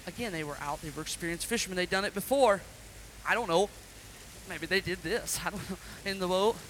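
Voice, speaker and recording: A man preaching at a children's service, telling the story dramatically and shouting out acted quotes. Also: high-pitched, fairly quick, a little hiss or hum. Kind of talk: interactive children's sermon.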